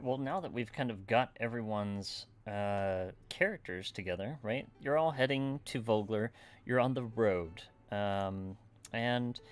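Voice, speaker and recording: A man's voice: mid-range voice, smooth. Easygoing male game master. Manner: relaxed, filler-heavy, checks in with "right?". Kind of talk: casual narration of a tabletop game.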